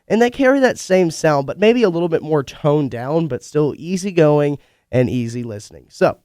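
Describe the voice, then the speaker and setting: A young man hosts a college radio sports show. His congested voice still comes through smooth and clear, sitting a little high for a man. The studio sound is dry and close, and he talks in a chatty, opinionated way with quick asides. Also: a little mellow, dry recording. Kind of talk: casual sports talk monologue.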